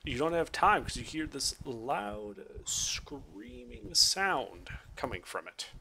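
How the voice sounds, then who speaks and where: A man's voice: fairly high pitch, wildly swooping pitch, slow pace, gravelly, sharp tone, a little hiss or hum. A man running a tabletop game as game master, describing scenes and calling for dice rolls.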